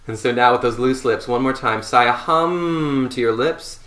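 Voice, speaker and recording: A man teaching a seated voice warmup, giving slow, calm instructions between long sustained hums. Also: medium pitch. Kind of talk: guided voice warmup. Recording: roomy echo.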